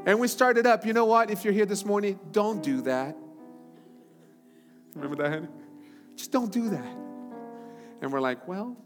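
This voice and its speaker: A male pastor preaches in a church sanctuary, his voice ringing with long reverb across a large hall. He surges to loud, high calls and then drops to near-whispered lines, with guitar playing softly underneath. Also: expressive, moderate pace, long pauses. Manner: preaching with big swings from shouting to hushed. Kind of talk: sermon.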